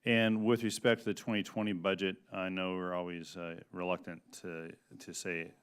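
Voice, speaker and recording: A congressman with a low, smooth and resonant voice questions a panel at a hearing. He talks in a halting, folksy way, full of fillers and restarts. He speaks into a desk microphone in a hearing room. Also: flat delivery, fairly bright tone.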